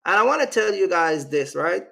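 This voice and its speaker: A man's voice: high voice, very animated, moderate pace, vocal fry, a bit bright. A man from Jamaica with a Jamaican accent, hosting a casual livestream in a rambling, slangy way and reacting to his live chat. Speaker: channel host.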